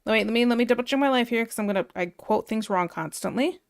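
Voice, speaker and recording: A woman's voice: on the high side, fairly quick, hardly any pauses. A woman streamer chatting casually and reading viewer comments aloud, ranting in an exasperated way and laughing often.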